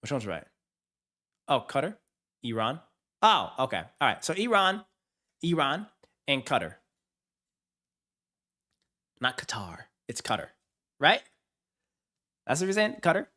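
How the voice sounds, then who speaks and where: A man's voice: fairly high pitch, sing-song, measured pace, long pauses, pushed and bright. A man hosting a casual live stream, hyped and slangy, talking to his chat. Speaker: finance streamer.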